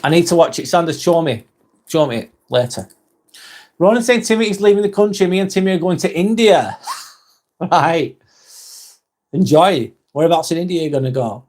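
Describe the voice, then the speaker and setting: A man's voice: a little high, normal speed, long pauses, a little mellow. A man hosting a casual live stream on his phone, reading out viewer comments with dry jokes and casual swearing.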